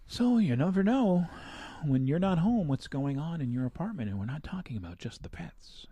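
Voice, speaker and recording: Lively, jokey male podcast host. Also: medium pitch, a little fast, no room sound. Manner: animated, laughs often, jokey asides. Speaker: podcast co-host reading news stories. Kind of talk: casual chat.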